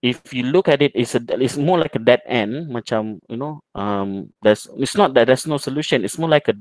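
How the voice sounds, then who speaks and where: A man's voice: mid-range voice, no echo. A male university lecturer with a Malaysian English accent, teaching an online class over a video call and mixing Malay words into his English, with many fillers.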